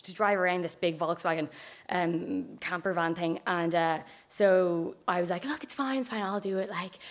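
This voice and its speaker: A young woman with an Irish accent telling a story, chatty and full of asides. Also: mid-range voice. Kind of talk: live storytelling.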